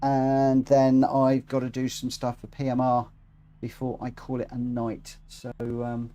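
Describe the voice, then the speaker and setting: A man's voice: medium pitch, completely flat delivery, a little slow, warm tone. A man hosting a live racing game stream, chatting casually and self-mockingly as he reads out chat. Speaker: livestream host running online racing lobbies.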